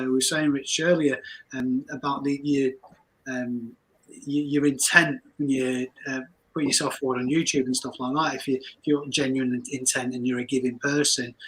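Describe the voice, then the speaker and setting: Guy hosting a live chat, bright voice, chatty, keeps restarting. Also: mid-range voice, rough recording. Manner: chatty, restarts often, laughs easily. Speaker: host. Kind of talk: casual chat on a live stream.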